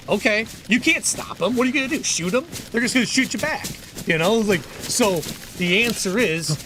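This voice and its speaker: A man talks casually on a livestream in a fairly high voice. He is earnest and opinionated, and he circles back and restarts his sentences. Steady game noise sits clearly under his speech. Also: normal speed. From United States. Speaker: gaming livestreamer and lawyer.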